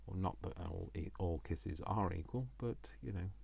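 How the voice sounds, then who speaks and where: Deep gravelly British man crafting. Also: normal speed, darkish tone. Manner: chatty, self-mocking, talks to himself while working. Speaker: crafting vlogger. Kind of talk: casual crafting chat.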